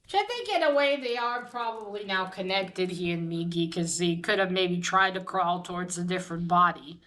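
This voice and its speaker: Bright-voiced woman recapping a manga. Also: lowish voice, expressive. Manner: rambling, halting, many fillers and restarts; swears casually. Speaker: manga reviewer. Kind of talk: casual plot recap and book showing.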